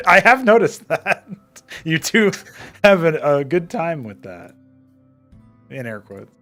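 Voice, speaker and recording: Casual male game master, relaxed and joking, theme music faint underneath. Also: a little high, slow, pauses often. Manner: laid-back, joking, laughs often. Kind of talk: casual tabletop game chat.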